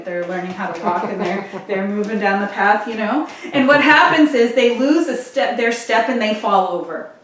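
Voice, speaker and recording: A woman minister giving a sermon in an earnest, measured way, asking rhetorical questions. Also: medium pitch, slight background noise. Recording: very echoey, from a distant mic.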